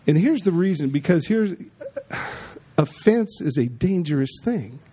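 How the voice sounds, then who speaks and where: High-voiced, mellow man preaching. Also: lively intonation, measured pace, husky. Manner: emphatic, conversational preaching with repeated asides. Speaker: pastor. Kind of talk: sermon.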